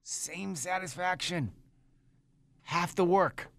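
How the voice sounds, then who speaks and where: A man's voice: sits high, slow, fairly bright tone. A man co-hosting a radio morning show, teasing and playful in joking banter from the studio. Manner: playful, teasing, mock-innocent.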